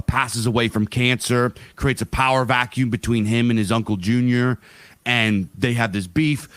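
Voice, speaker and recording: A man's voice: mid-range voice, no echo. Rambling, profane man on a podcast. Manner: rambling, profane, animated storytelling with voiced asides. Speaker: podcast co-host. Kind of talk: casual podcast chat.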